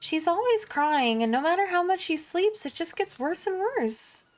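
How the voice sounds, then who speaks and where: A woman voicing an eager little village girl in a high, squeaky voice, reading game dialogue aloud. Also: moderate pace. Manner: squeaky, earnest and excited.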